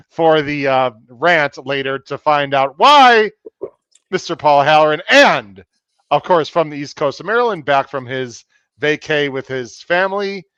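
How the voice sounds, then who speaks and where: A man's voice: mid-range voice, fairly bright tone, clean tone, dry recording. Chatty podcast host man, dull dry sound. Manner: chatty, upbeat, reads out viewer comments. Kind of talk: live-streamed podcast hosting.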